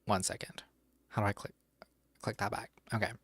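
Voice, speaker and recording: A man's voice: lowish voice, level tone, normal speed, no room sound. A man streaming from home who chats casually, rambles to himself, and swears freely. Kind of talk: casual live-stream chat.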